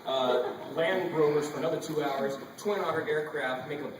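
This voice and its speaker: A man telling a wild story on a convention panel, animated and profane. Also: fairly high pitch, normal speed. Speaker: panel guest actor. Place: large convention hall. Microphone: audience camera far from stage. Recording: echoey hall recorded from far off with noise.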